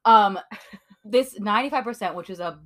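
A woman's voice: medium pitch, normal speed. A woman co-hosting a podcast, candid and reflective in casual chat, swearing casually. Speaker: podcast co-host.

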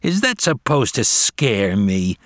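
A man's voice: on the low side, slow, no echo, clean studio sound. A man doing a sneering bully cat. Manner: sneering, snapping. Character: bullying big-brother cat, sneering and haughty.

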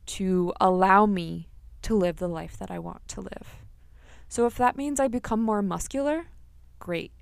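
A woman's voice: medium pitch, vocal fry, dry recording. A woman hosting a podcast, talking candidly and with lots of energy, swearing freely and often laughing, recorded on a single microphone in a small closet. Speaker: podcast host. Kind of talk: casual podcast monologue.

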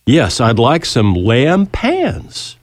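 A man putting on an old Southern gentleman with a thick Louisiana accent and slow, drawn-out speech. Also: mid-range voice, huge pitch swings, dry recording, pitched above the performer's own voice, heavily acted. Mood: polite.

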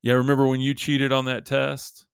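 A man's voice: mid-range voice, monotone, normal speed, vocal fry, clean tone, dry recording, clean studio sound, pitched above the performer's own voice, lightly acted. A man voicing a group of laughing, mocking male buddies who tease someone about his life. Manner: cackling, teasing.

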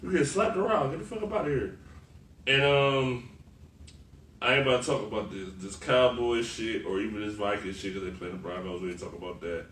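A man in casual sports chat, animated and profane, riffing on teams and players. He sits back from the mic in a roomy space with faint noise behind. His pitch sits in the ordinary middle for a man. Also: a little fast, distant mic. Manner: animated, slangy and profane, laughing a lot. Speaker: podcast co-host.

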